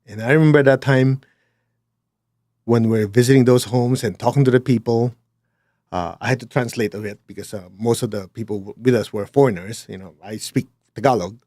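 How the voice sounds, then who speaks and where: A man at an ordinary pitch tells a reflective personal story, dropping low and quiet and then rising into bursts of emphasis. His talk is plain, with blunt asides, and the sound is dry and close, with no room echo. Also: fairly quick. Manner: animated, swings between hushed and emphatic. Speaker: speaker sharing a personal story.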